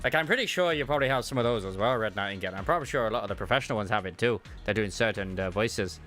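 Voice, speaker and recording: A man's voice: lively intonation, rapid-fire, sharp tone, soft background music. A man streaming a game, chatting casually, swearing freely and reading game lines aloud. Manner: chatty, swears casually, jumps into higher pitch when reading dialogue.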